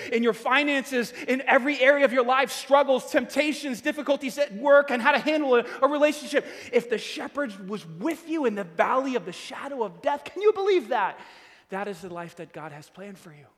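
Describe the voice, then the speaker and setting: A man preaching a sermon in a church, animated, repeating words and calling out to the congregation. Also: very high voice. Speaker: pastor. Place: church hall. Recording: long hall reverb.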